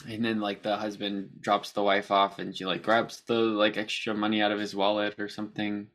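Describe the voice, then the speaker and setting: A woman's voice: extremely low pitch, little pitch movement, a little fast. A woman co-hosting a casual podcast, chatty and rambling, laughing often. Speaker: podcast co-host.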